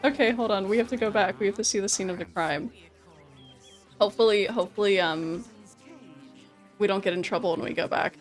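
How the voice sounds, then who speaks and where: A woman streamer chatting casually over gameplay, laughing often and repeating herself when excited. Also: mid-range voice, fairly quick, pauses often, soft background music.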